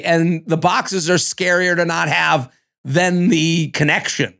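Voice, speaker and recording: A man co-hosting a podcast, chatting casually about a reality dating show, animated and cussing, now and then acting out cast members. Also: on the high side, slow, creaky. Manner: animated, swearing, acts out cast members in exaggerated voices. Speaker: podcast co-host. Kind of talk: casual reality-TV recap chat.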